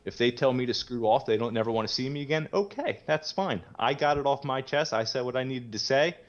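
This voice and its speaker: A man appears as a podcast guest, candidly sharing his recovery story in casual conversation. His medium-pitched voice moves a little fast, he rambles with lots of fillers, swears offhandedly, and laughs easily, all over dull-sounding audio.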